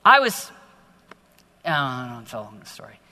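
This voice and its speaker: A middle-aged man preaching to teenagers in a large hall, energetic and exhorting, often growing animated. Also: medium pitch, normal speed, a little hiss or hum. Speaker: youth speaker. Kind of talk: sermon to teenagers. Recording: long hall reverb.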